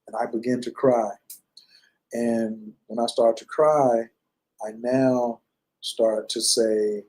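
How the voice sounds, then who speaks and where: Man in his fifties, mellow dark voice, casual storytelling, loose and rambling, lots of fillers. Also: medium pitch, level tone, slow, long pauses, rough recording. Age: 50s. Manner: loose, conversational, many fillers and "you know". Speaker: personal storyteller. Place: lives in Bali.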